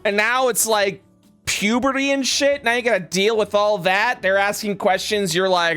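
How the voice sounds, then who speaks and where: A man's voice: sits high, normal speed, pushed and bright, smooth, faint music behind. A man co-hosting a podcast in casual chat, acting out little scenes in quoted voices and swearing freely. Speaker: podcast co-host.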